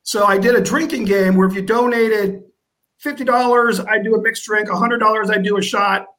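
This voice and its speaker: A man, a guest in a casual live-stream interview, telling stories about his fundraiser in an animated, lively way. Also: high-pitched, normal speed, low-quality recording. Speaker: guest, organizer of a service-industry fundraiser.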